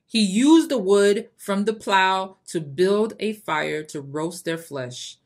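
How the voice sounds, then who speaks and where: A woman's voice: medium pitch, slow pace. A woman hosting a Christian motivational podcast, reading a Bible passage with emphasis and breaking off for casual asides. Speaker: podcast host.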